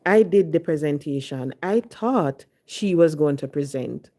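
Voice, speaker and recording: A woman's voice: deep voice, animated, a little slow, warm tone. A woman from Jamaica with a Jamaican accent, telling a personal story and slipping into Patois when she quotes herself.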